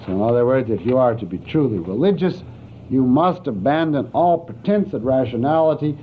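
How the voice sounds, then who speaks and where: A man's voice: medium pitch, sing-song, moderate pace. A man giving a university philosophy lecture in an emphatic, wry manner. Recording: tinny, lo-fi archival lecture tape with faint hiss.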